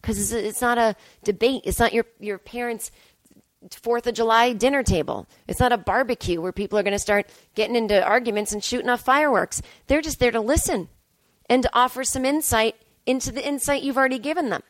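Fairly quick and on the high side, a forty-something woman's voice carries no room sound as she hosts her solo podcast from a hotel room. It's a casual monologue of stories told in a chatty, sarcastic, self-deprecating style.

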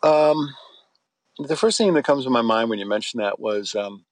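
A man's voice: medium pitch, normal speed, dry recording. A middle-aged man being interviewed, telling a personal story in a rambling, conversational way with frequent restarts. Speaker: interview guest.

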